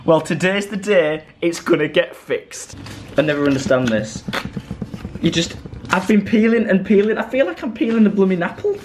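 A young man chatting casually in a vlog, bubbly and jokey, laughing often and jumping up into high squeals. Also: expressive, moderate pace, background noise. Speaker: vlogger.

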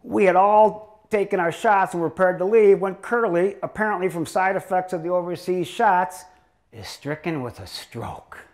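A man's voice: high voice, fairly even intonation, normal speed, hardly any pauses. An older man lecturing as a chiropractor, telling rambling stories in a sarcastic, joking way. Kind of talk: humorous lecture storytelling.

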